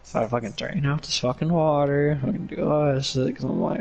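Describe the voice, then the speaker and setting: A man's voice: on the high side, fairly even intonation, brisk, vocal fry, a little mellow. A young man chatting with a friend during a game stream, rambling with lots of fillers and swearing. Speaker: gaming friend.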